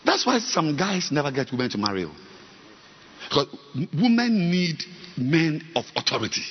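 A male pastor preaching a sermon, swinging between soft talk and sudden loud shouting. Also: on the high side, very animated, normal speed, muffled recording, a little hiss or hum.

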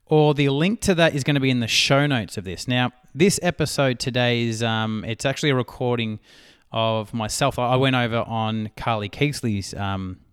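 A man's voice: mid-range voice, moderate pace, clean tone, dry recording, clean studio sound. An Australian man hosting his own podcast, chatting loosely with fillers and a self-mocking tone. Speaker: podcast host and business coach. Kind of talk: casual podcast chat.

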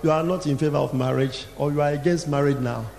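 Brief: smug corporate husband, rather high voice, echoey hall, played by a preacher. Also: male voice, steady tone, quick pace, gravelly, a little mellow. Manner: explaining, self-justifying. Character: smug businessman husband, self-assured. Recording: echoey hall, faint room noise.

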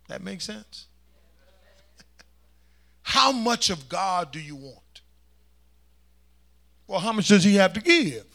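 High, bright-voiced preaching man. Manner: call-and-response preaching, swings from loud to hushed. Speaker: pastor. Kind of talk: sermon.

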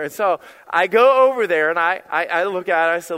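Animated storytelling pastor in a hall. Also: male voice, high voice, brisk, hardly any pauses, smooth. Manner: animated storytelling with quoted dialogue. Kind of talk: sermon.

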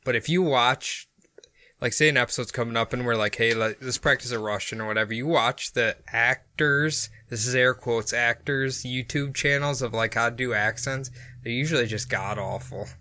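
Bright, laughing Iowa man on a podcast. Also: medium pitch, moderate pace, slight background noise. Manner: laughs often, rambling and animated. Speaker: podcast co-host. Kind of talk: casual chat.

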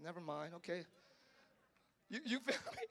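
Male preacher; bright, sharp tone, animated delivery with sudden shouts. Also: sits high, moderate pace, creaky. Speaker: pastor. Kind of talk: sermon.

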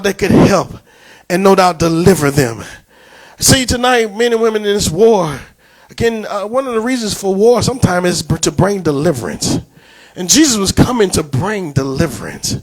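Middle-aged New York pastor, high voice, church preacher who builds to shouted refrains. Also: male voice, low-quality recording. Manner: preaching with rising, shouted passages and repeated refrains; frequent "uh" fillers and restarts. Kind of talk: sermon.

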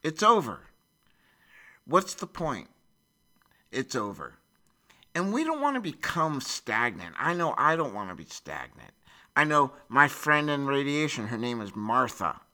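Lively bright-voiced man in his forties. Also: medium pitch. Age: 40s. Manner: animated retelling with many repeats and restarts. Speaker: storyteller. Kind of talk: personal storytelling.

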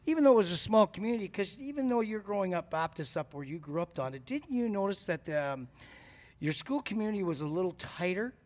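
A man's voice: high voice, very animated, fast talker, a little mellow. A man in casual chat, rambling and swearing freely while he reminisces. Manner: swears freely, rambling, many fillers and restarts.

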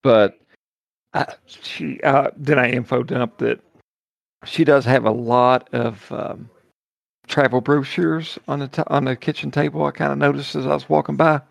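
Gravelly rambling male player. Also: mid-range voice, steady tone, measured pace, no echo. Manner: loose, rambling, joking. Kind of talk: tabletop game play.

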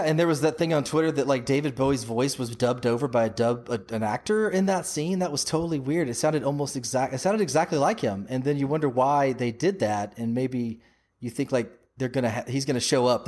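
Husky-voiced excitable podcast co-host man. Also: medium pitch, a little fast. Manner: blunt and excitable, swears. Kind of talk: casual TV-show discussion.

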